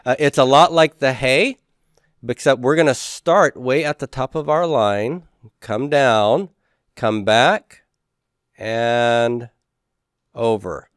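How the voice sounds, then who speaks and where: A man's voice: mid-range voice, takes it slowly, pauses often, clean tone, dry recording, clean studio sound. A man teaching a class, talking casually and repeating letter names for students to say back. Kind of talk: classroom lecture.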